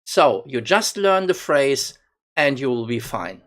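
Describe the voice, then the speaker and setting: Slow, lively-toned male language teacher. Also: mid-range voice. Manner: slow and deliberate, repeating phrases for learners. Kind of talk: slow instructional narration.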